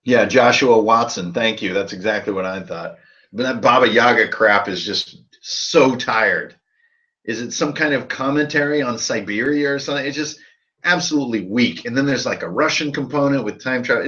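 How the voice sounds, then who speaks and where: A man's voice: mid-range voice, normal speed, sharp tone. A man hosting a live stream about tabletop role-playing games, tipsy from drinking and talking in a loose, profane, rambling way. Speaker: host of a tabletop RPG channel. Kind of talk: casual live-stream chat. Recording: dull lo-fi sound.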